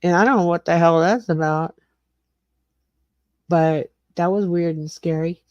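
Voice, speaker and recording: An older woman talks casually to her livestream viewers, greeting them by name and wandering from topic to topic. Her voice sits low and mellow. The sound is dry and close. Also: fairly even intonation, a little slow, dry recording, highs cut off. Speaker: livestream host. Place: small garage suite with cement floor.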